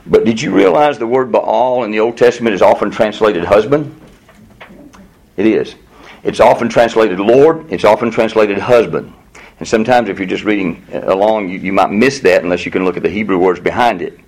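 A man's voice: fairly low pitch, normal speed, darkish tone, low-quality recording. A man preaching a sermon as pastor, earnest and explanatory, often restarting his sentences.

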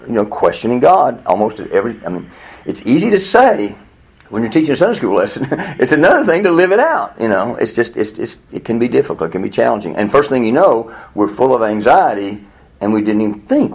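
Older male bible teacher, earnest and candid, lively swooping pitch, lots of restarts. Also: moderate pace, slightly rough. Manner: earnest, candid, many restarts, rising to high exasperated voices when quoting himself. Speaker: Sunday school teacher.

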